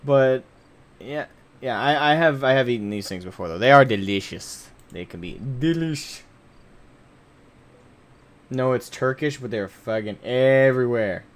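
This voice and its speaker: A man's voice: medium pitch, expressive, measured pace, pauses often. A man streaming a game live, chatting casually with viewers, rambling and correcting himself as he jokes with the chat. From United States.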